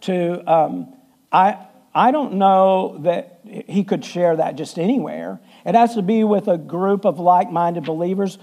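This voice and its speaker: A man's voice: sits high, a little slow, mellow. A middle-aged man, a pastor preaching a conversational sermon with folksy humor. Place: church.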